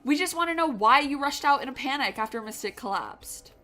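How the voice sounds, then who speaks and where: A woman's voice: high-pitched, lively intonation, a little fast, bright, forceful tone, faint music behind, voice pushed up. Woman doing a bubbly valley-girl gyaru. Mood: exasperated.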